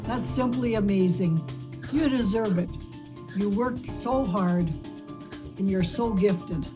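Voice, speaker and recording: A woman's voice: medium pitch, slow, music in the background. An older woman recording a tender, affectionate message of congratulations and blessing. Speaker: relative in a recorded video message.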